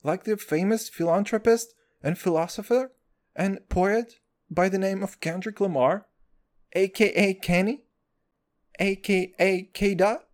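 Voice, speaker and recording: A young man doing a rambling, profane comic monologue, jumping between voices and pitches as he riffs. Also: unhurried. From Israel. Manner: profane, excitable, riffing with sudden jumps in pitch.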